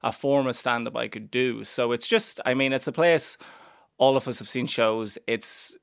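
A man's voice: medium pitch, moderate pace, vocal fry, smooth, no room sound. A young Irish man from Cavan with a stammer, talking in a radio interview with dry, self-mocking humour. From Ireland (Cavan). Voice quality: stammer with repeated sounds. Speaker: stand-up comedian, guest.

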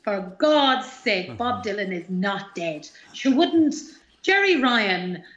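A woman's voice: mid-range voice, big pitch swings, takes it slowly, a bit bright, reverberant, dull audio. A woman with an Irish accent voicing her exasperated mother scolding a daughter, dismissive and incredulous.

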